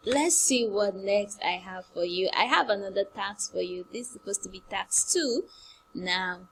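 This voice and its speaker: A woman teaches an online lesson at an unhurried, deliberate pace. She repeats and stresses each word for her pupils. A faint hum sits under her voice. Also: mid-range voice, a bit bright, low-quality recording.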